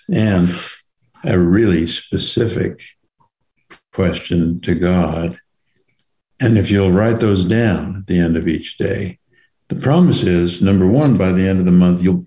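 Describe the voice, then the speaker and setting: An older man co-hosting a casual devotional chat, speaking in a reflective, measured, encouraging way. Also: deep voice, dark tone. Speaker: co-host.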